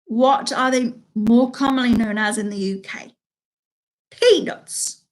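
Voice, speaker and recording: A woman's voice: on the high side, takes it slowly. Chatty woman hosting a home quiz. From United Kingdom. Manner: chatty, reads out questions and answers twice, reacts to players' scores. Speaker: quiz host. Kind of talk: casual live quiz hosting.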